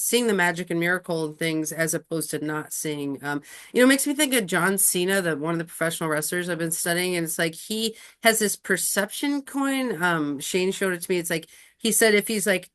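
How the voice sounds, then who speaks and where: A woman's voice: lowish voice, a bit bright. Chatty woman hosting a casual talk. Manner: chatty, many fillers, laughs often. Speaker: host. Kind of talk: casual group chat.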